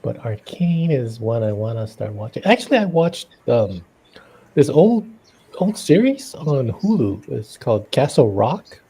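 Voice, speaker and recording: A man's voice: medium pitch, sing-song, a little slow, dark tone, slight background noise. A man chatting casually on a drawing livestream, laughing often and trailing off mid-sentence. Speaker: artist co-host. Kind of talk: casual chat while drawing. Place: indoors at a livestream drawing session.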